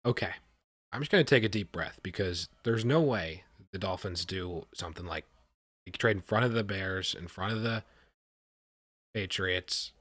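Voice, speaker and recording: An excitable man hosts a live stream and reacts as the picks come in. His voice sits low, and he keeps repeating himself and talking to his chat. The sound is dry and close, with no room around it. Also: normal speed, dry recording. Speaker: livestream host reacting to a draft.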